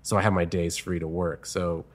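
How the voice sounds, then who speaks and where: A man's voice: deep voice, level tone, normal speed. A man, a screenwriter, chatting casually as an interview guest and laughing often between stories.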